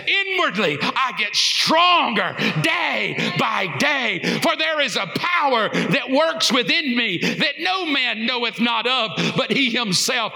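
A man preaching a sermon as pastor, shouting and half-singing with passion. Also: very high-pitched, creaky. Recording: echoey hall with long reverb.

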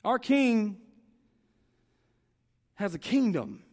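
A male pastor delivers a sermon in a strikingly high voice. He presses his points by repeating phrases and slowing down. A long reverb trails every line in a large church sanctuary. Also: expressive. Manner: emphatic, repeats phrases and slows down to stress points.

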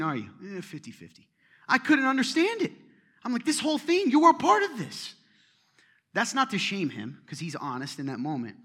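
A man preaching a sermon as pastor, telling a story with swings from loud exclamations to hushed asides. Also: fairly high pitch.

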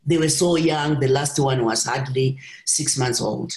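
A woman's voice: a bass voice, measured pace, darkish tone. A woman guest on a podcast earnestly telling a personal story and repeating phrases for emphasis. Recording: roomy echo.

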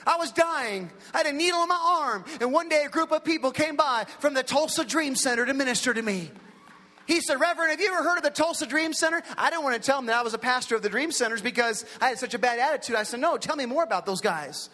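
A man in his forties preaching a lively storytelling sermon, acting out the people in his stories. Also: extremely high pitch, fast talker. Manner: animated, impersonates characters in his stories. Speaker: pastor. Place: large hall with an audience. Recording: long hall reverb.

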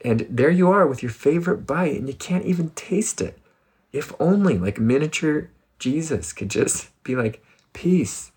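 Husky man giving a playful spiritual talk. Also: on the high side, normal speed. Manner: animated, playful, laughs often. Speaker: spiritual speaker.

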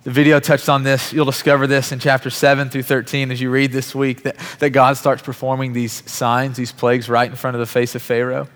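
A man's voice: medium pitch, monotone, fairly quick, few pauses, fairly bright tone. A man in his thirties, a pastor giving a sermon in an earnest, conversational storytelling way. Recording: long hall reverb.

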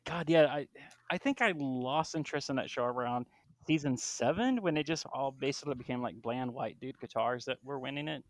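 A man hosting a podcast in casual chat, joking and quick with asides. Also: medium pitch, dry recording. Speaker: podcast host.

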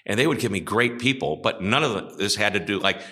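A man's voice: on the low side, lively intonation, fairly quick, sharp tone, breathy edge. A middle-aged man, a guest on a podcast about customer service, talking in a chatty way and telling a joke with voices for each character. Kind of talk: casual interview talk.

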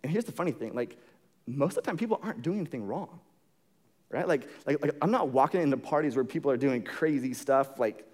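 A man's voice: mid-range voice, expressive, fairly quick, a little mellow. A young adult man preaching a sermon as a pastor, conversational and jokey, full of fillers and restarts. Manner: jokey storytelling.

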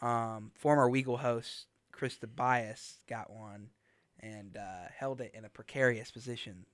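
A young man hosts a college radio podcast, chatting casually in a small studio, rambling with lots of fillers and laughing often. His medium-pitched voice is unhurried, clear, resonant and a bit bright, with fairly even intonation and no echo.

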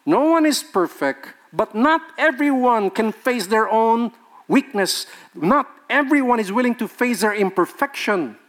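A man's voice: very high-pitched, animated, measured pace, fairly bright tone. A male pastor, preaching a sermon with emphatic rhetorical questions and laughing with the congregation.

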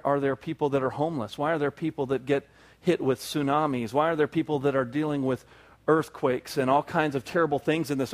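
A male pastor preaching a sermon to a congregation, building to emphatic peaks with repeated phrases. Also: a little high.

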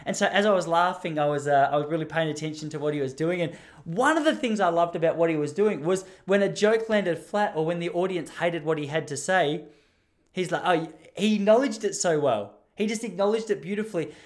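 A man's voice: a little high, brisk. Rambling Australian man telling a story. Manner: rambling, animated, self-interrupting with restarts. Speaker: podcast host. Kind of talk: casual storytelling monologue.

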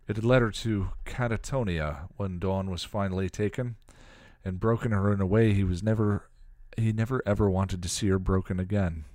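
A man reading a piece of fan fiction aloud in a steady storytelling manner. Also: on the low side, normal speed, dry recording, clean studio sound. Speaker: story reader.

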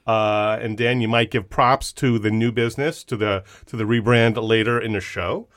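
Joking, chatty co-host. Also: male voice, fairly low pitch, steady tone, normal speed, fairly bright tone. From United States. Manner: jokey, enthusiastic, chatty. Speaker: podcast co-host. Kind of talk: casual chat.

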